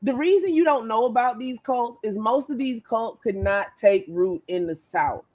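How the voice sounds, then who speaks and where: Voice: mid-range voice, animated, normal speed, darkish tone. A speaker chatting casually on a livestream, with laughing asides. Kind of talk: casual chat.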